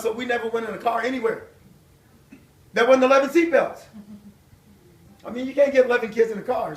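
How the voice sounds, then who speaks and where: Older male guest speaker, very high voice, lively storyteller, miked from far off in a reverberant hall. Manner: animated storyteller, acting out voices and shouts. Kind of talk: storytelling testimony at a church event. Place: church hall.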